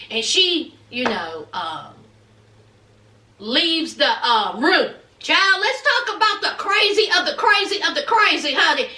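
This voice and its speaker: A woman's voice: extremely high pitch, sharp tone. A woman giving a chatty, sassy show recap, calling her viewers honey and child. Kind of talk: casual gossipy recap. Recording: roomy echo, mic at a distance.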